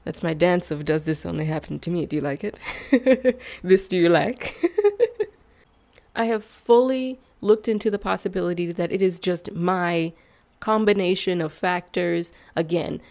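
A young woman chatting casually to her viewers in a vlog. She talks in an animated way, swoops up in pitch on questions and asides, and laughs often between thoughts. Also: measured pace. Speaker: YouTuber.

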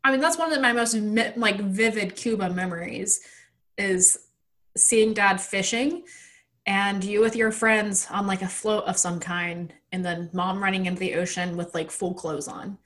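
A woman's voice: mid-range voice, fairly even intonation, measured pace, fairly bright tone. A woman in casual chat as a podcast co-host, laughing often and using many fillers.

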